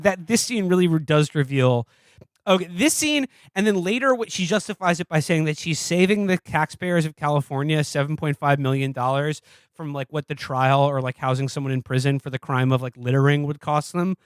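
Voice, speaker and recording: Man, podcast co-host. Rambling, profane, sardonic; slightly high voice, dry close sound. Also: fairly quick, clear, resonant tone, no room sound. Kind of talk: casual comedic film review chat.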